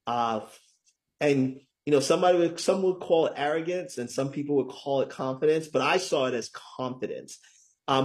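A middle-aged man talks through a casual interview as a guest, explaining things in an easy, chatty way. He leans hard on key words and keeps checking in with the listener. His voice sits at an ordinary pitch. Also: darkish tone. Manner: chatty, lots of "right?" tags, emphatic. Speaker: guest, author.

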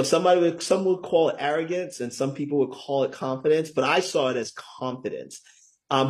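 A man's voice: medium pitch, darkish tone. A middle-aged man talking as a guest author in an interview, enthusiastic and often tagging his points with "right?". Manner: enthusiastic, keeps asking "right?". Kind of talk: conversational interview talk.

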